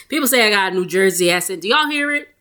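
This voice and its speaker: Recapping a reality show, this vlogger keeps things chatty, laughing a lot and doing quick-voiced impressions of the cast. She has a mid-range voice that comes across pushed and bright.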